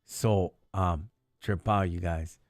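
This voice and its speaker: Low, gravelly man telling a story. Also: fairly even intonation, slow, no echo, studio quality. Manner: slangy and street-casual, often says "dog" and "homie"; earnest, faith-focused. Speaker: live stream host. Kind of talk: casual storytelling chat.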